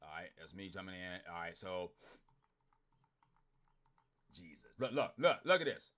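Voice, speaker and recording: A man ranting bluntly to his online group, swearing a lot, repeating himself and swinging from loud outbursts to muttering. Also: sits low, animated, a little slow. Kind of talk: heated profane rant to followers.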